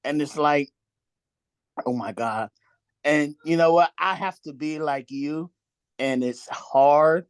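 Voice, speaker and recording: Chatty man, hesitant, slightly high voice. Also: slow, long pauses, clean tone, dry recording. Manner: hesitant, many fillers and restarts, chatty. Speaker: participant in a group discussion. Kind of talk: casual chat.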